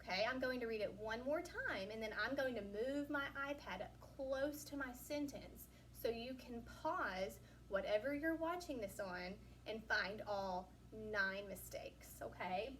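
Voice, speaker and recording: A woman teacher giving a recorded lesson to young children, patient and encouraging, asking questions and pausing for answers. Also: a little high, expressive, a bit bright. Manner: slow, patient, encouraging, asks questions and pauses. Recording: distant mic, faint room noise.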